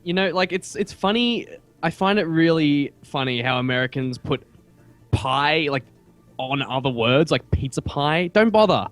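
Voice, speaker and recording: Young Australian guy, slightly high voice with lively swings, ranting in mock earnest over a call mic. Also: normal speed, soft background music. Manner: emphatic, swears freely, mock-serious rants. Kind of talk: casual banter.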